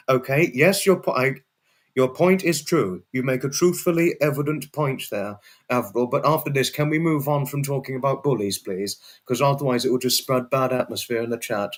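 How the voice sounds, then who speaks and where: A man hosting a casual livestream and chatting with viewers. He rambles and repeats himself, and now and then breaks into a sweary outburst. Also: medium pitch. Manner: rambling and repetitive, often restarts and repeats phrases. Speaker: livestream host. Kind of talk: casual livestream chat, answering viewers' messages.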